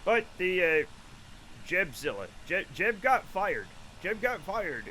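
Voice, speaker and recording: A man in his late forties rambles through a casual live stream, swearing freely and poking fun at himself. His voice sits high for a man and jumps around constantly, with a faint hiss of noise underneath. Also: big pitch swings, unhurried, pushed and bright, rough recording. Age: late 40s. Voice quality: rambling, profane, self-mocking.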